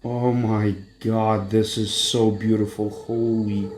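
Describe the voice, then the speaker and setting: A young man filming a casual unboxing, excitable and swearing often, jumping between hushed whispers and squeals. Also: lowish voice, takes it slowly, slight background noise. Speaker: vlogger.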